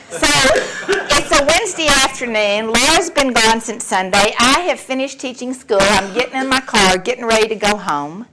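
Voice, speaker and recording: Middle-aged woman, lively personal testimony, faint background noise. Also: on the high side, normal speed, poor audio. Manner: animated storytelling, acts out quoted voices, laughs often. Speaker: speaker sharing her story at a recovery meeting.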